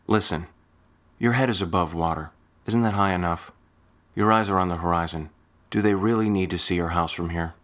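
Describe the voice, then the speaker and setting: Deep-voiced man, wry spoken-word monologue. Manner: wry, deadpan delivery with punchy wordplay.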